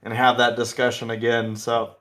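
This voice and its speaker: A man's voice: mid-range voice, completely flat delivery, normal speed, a bit bright. A man hosting a podcast, chatting casually and animatedly with many restarts and asides. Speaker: podcast host.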